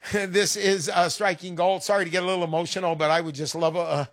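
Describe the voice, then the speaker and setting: Man hosting call-in radio, high and lively voice, dry studio sound, animated and chatty. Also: a little fast, dry recording. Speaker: radio show host.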